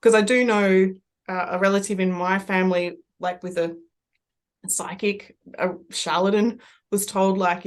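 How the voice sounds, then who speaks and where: An Australian woman, a medium, talks in a loose, rambling way. Her storytelling is animated as she chats casually on a podcast. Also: medium pitch, unhurried.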